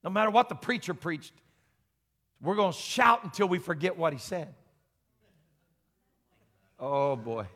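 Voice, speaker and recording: A middle-aged preacher, folksy and plainspoken, whose sermon moves between quiet talk and loud shouted exhortation. His voice is bright and fairly high, ringing with the long reverb of a church sanctuary. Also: big pitch swings, a little slow, long pauses. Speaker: senior pastor. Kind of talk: Pentecostal sermon.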